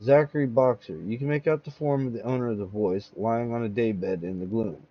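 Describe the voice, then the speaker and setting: A man reads a horror comic aloud, narrating in the second person with measured suspense. His voice sits at an ordinary middle pitch, and the audio is dull and lo-fi. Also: no echo.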